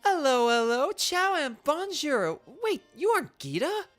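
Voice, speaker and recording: A bubbly young streamer girl and gym leader, pitched high above the speaker's own voice, as a woman puts her on. She rattles off showy greetings with a lively, swooping melody. The voice sounds a bit congested and dry. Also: measured pace, soft background music, full character voice. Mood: peppy. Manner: peppy, showy streamer patter. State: congested nose, dry throat. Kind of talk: game character voice during playthrough.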